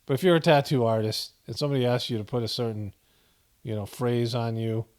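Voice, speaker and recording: A man's voice: medium pitch, a little fast, a little mellow, clean tone. A man hosting a casual video commentary, rambling with frequent chuckles and fillers. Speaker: commentary channel host.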